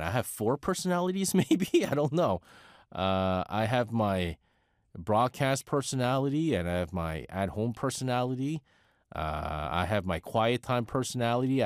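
A man's voice: medium pitch, no room sound, clean studio sound. A middle-aged man with a New York accent hosting a radio show, chatting casually and rambling with many fillers and restarts. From United States. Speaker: radio host.

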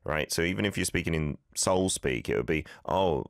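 A chatty man hosts a radio segment, walking listeners through phrases and reacting to their recordings. His voice sits very low but swings widely in pitch. The studio sound is dry and close. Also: animated, moderate pace, gravelly, smooth, dry recording. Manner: friendly, chatty, laughs at listener clips. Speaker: radio host teaching Korean phrases. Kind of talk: casual radio teaching.

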